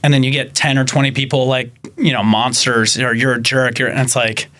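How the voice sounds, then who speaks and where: A man in casual podcast chat, telling rescue stories at an ordinary, mid-range pitch. He talks animatedly and acts out the voices of the people he quotes. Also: flat delivery, a little fast, pushed and bright.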